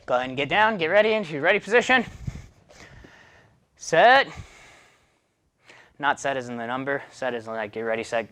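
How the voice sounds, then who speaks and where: A man's voice: medium pitch, very fast, few pauses, pushed and bright, clear, resonant tone. A man teaching a follow-along taekwondo class, counting kicks aloud and coaching between sets in a chatty, self-deprecating way while breathing hard from the workout. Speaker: taekwondo instructor.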